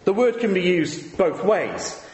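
Lively preacher in an echoey church. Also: male voice, sits high, a little slow, slight background noise. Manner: conversational, asks the congregation rhetorical tag questions. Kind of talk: sermon. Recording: echoey hall with long reverb.

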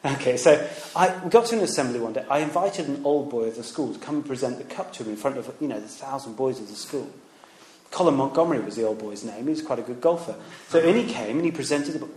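A man with an animated, mid-range, somewhat dark voice talks quickly through a conversational sermon full of stories and rhetorical questions, voicing the people he quotes. A preacher and former teacher, he's recorded in an echoey room with a little hiss or hum.

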